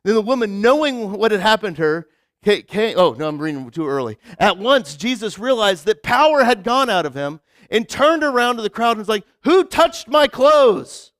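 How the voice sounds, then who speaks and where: A man pastor preaching a conversational sermon, casual and animated, full of filler words and joking with the congregation. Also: high-pitched, a little fast, dry recording, studio quality. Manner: casual, animated, heavy use of "like" and restarts; jokes with the congregation. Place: church sanctuary.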